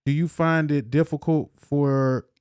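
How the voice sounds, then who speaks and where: Smooth-voiced man podcast host. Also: a little high, fairly even intonation, unhurried, a little mellow, no echo, clean studio sound. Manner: hesitant, many ums, reflective. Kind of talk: casual interview chat.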